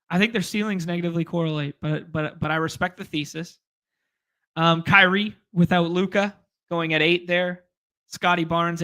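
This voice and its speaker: A man's voice: a little high, bright, forceful tone. A man hosting a casual fantasy sports live stream, rambling and joking as he reads out chat comments and talks through picks. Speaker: fantasy sports podcast host.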